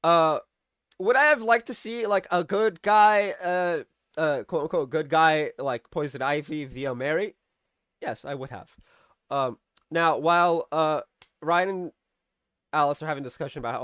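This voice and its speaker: A man chats loosely through a TV episode recap in a fairly high voice, full of ums and restarts. The sound is dry and close, with no room echo. He slips into quoting the characters as he goes. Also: moderate pace, fairly bright tone, smooth. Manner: rambling, lots of fillers and restarts; acts out characters' lines in quotes. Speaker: TV episode reviewer. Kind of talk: casual spoken episode review.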